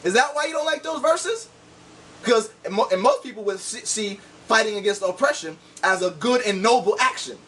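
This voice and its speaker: A man's voice: sits high, expressive, moderate pace, bright, forceful tone, recorded from a distance, slight background noise. A man delivering a heated, combative video rant, insulting his opponents and repeating "see?" to drive his points home. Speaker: online commentator.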